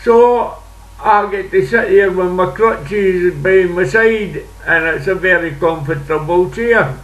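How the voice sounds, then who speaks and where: An older Scottish man rambles through a story in a fairly high voice, speaking slowly and unhurriedly. His voice sounds roomy and a little distant from the mic. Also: a bit bright. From Scotland. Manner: rambling, chatty, with dialect words. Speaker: vlogger. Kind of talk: casual storytelling monologue. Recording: echoey room, distant mic.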